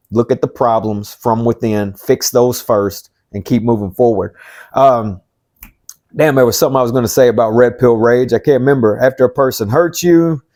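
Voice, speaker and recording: A man with a drawl speaks off the cuff to his viewers, like a life coach. He is blunt, swears freely and hammers points home by repeating them. His voice sits at an ordinary middle pitch. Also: a little mellow. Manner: blunt and profane, preachy, repeats himself for emphasis. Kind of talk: unscripted motivational monologue.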